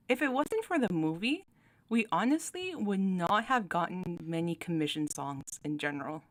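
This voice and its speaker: A young woman hosting her channel, chatting casually while ranking game cards, giggling often and talking with many fillers and restarts. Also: mid-range voice. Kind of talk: casual commentary.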